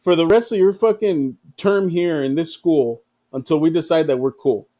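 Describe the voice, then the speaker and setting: A man's voice: fairly high pitch, moderate pace, close to an everyday voice. A man voicing a brash, boastful, profane playground bully boy in a raised voice. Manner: loud, swaggering, profane.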